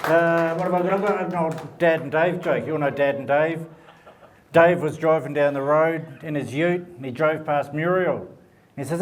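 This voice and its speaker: A man telling jokes with a lively, punchy delivery. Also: a little high, moderate pace. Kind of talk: stand-up joke telling. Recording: noisy room with crowd.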